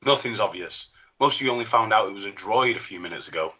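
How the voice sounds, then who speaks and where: A man's voice: fairly low pitch, expressive, fast, bright, forceful tone, highs cut off, slight background noise. A man reading a curt chauffeur. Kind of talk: live script table read.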